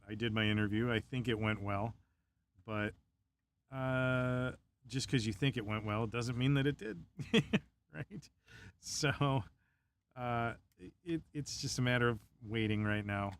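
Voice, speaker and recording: A man's voice: on the low side, measured pace. A young man on a casual live stream, chatting in a laid-back way, chuckling often and muttering to himself as he builds a model.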